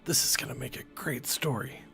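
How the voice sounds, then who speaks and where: A man's voice: mid-range voice, a little fast, creaky, bright, forceful tone, soft background music. A man playing a tabletop roleplaying game, joking in a wry, sarcastic way. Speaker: player.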